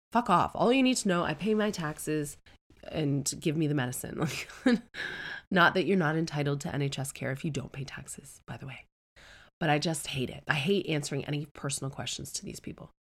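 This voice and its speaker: Low-voiced, blunt and sweary woman. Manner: blunt, sweary, animated, switches voices for quotes. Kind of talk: comic storytelling monologue.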